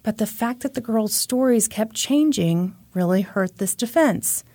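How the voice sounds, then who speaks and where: A woman's voice: fairly high pitch, lively intonation, a little slow, dark tone, dry recording. Woman, podcast host, true crime storytelling, conversational, dry close sound. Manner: conversational, wry asides.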